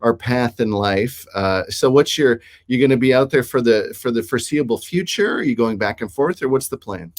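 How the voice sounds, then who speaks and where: A man's voice: mid-range voice, lively intonation, normal speed, few pauses. A middle-aged man from Minnesota hosting a talk show, chatting casually with a guest and often restarting his sentences. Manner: rambling, with many restarts and fillers. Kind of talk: casual interview chat.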